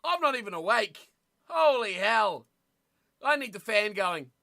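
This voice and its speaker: A streamer giving casual live commentary at a rugby watch party, chatting with viewers and shouting with excitement at big plays. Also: mid-range voice, measured pace, creaky. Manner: chatty, talks straight to viewers in chat.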